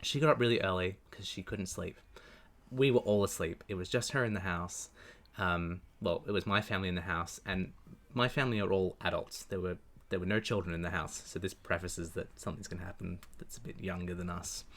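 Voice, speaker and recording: Lowish bright-voiced man telling a story. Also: fairly quick. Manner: earnest, detailed storytelling. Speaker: podcast co-host. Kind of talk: casual chat.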